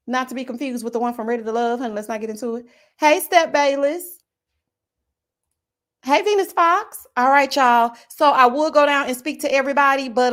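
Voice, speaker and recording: A woman talks in a sassy, animated way, with a slightly high voice. She greets her viewers one by one and dishes on a reality show like a casual live stream. She keeps dropping "honey" and "child.". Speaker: YouTube reality-show reviewer.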